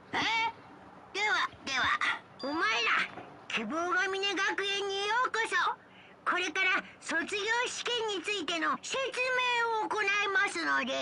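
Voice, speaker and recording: A woman voicing a gleeful male robot bear headmaster in a game, with a high sing-song cartoonish voice. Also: heavy background noise, exaggerated voice. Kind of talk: Japanese game voice acting.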